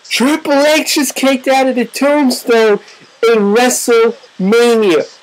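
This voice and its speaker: A woman giving excitable, profane, joking play-by-play commentary over a wrestling video game. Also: fairly high pitch, takes it slowly, heavy background noise.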